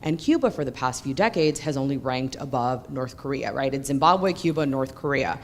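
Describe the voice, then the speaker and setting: A woman's voice: a bass voice, animated, normal speed. A woman policy researcher asking a conference panel a question from the floor, articulate but dotted with fillers. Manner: articulate, with frequent you-know fillers.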